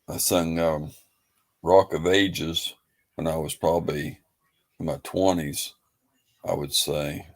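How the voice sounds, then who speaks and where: A man's voice: very deep voice, fairly even intonation, slow pace, pauses often. A man hosting a livestream, talking in a rambling, folksy, laid-back way. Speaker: livestream host. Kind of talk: casual livestream chat.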